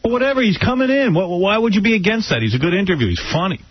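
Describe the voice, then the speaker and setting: A middle-aged male radio host with a husky voice and a lively pitch that jumps around as he teases and rants bluntly. The sound is dull and lo-fi, like an aired broadcast. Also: rapid-fire. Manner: blunt, teasing, animated. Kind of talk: casual radio banter.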